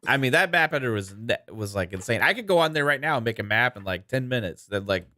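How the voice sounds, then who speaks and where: A man's voice: mid-range voice, animated, quick pace, sharp tone, dry recording. A man on a gaming podcast panel, chatting casually and rambling with many "like"s. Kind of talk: casual chat.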